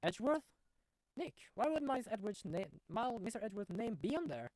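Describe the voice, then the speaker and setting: A man's voice: high-pitched, big pitch swings, fast talker, darkish tone, dry recording, pitched above the performer's own voice. Man voicing a chatty, eager young sidekick girl. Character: bubbly young woman sidekick, curious and chatty.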